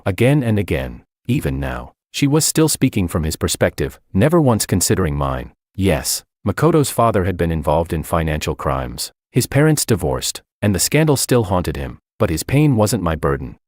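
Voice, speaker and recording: A young man narrating a first-person story in a calm, matter-of-fact way. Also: low voice, normal speed, no room sound, studio quality.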